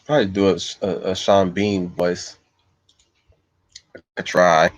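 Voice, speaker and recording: Low-voiced man rambling on a stream. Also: little pitch movement, a little slow, no echo, muffled recording. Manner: rambling, stammers and repeats words. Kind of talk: casual livestream ramble.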